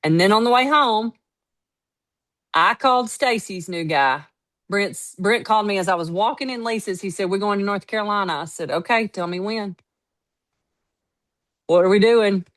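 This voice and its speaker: A woman's voice: mid-range voice, moderate pace, pauses often. A woman giving a casual motivational talk, telling stories emphatically and acting out what others said. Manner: storytelling, quoting others, lively and emphatic. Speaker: network marketing team leader.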